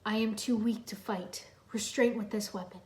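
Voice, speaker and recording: A woman's voice: mid-range voice, fairly even intonation, close to an everyday voice. A woman doing a wise old male master. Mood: calm. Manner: measured, cautioning. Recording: roomy echo.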